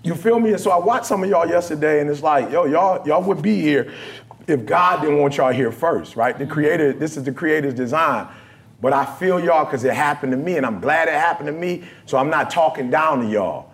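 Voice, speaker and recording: A man giving a motivational talk to a live audience, animated and repeating "right?" and "you know what I'm saying" often. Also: fairly high pitch, brisk. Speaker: guest speaker.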